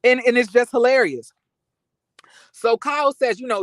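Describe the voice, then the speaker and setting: A man with a very high voice rants through a casual reality TV recap, animated and outraged, swearing a lot and restarting often. He talks at normal speed, and the recording is dry and rough.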